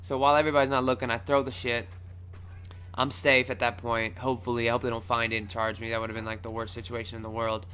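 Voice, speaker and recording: A young man casually telling a wild personal story on his vlog, swearing freely, rambling, and acting out his own shouts. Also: mid-range voice, flat delivery, fast talker, slight background noise. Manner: loose and profane, acts out his own shouts.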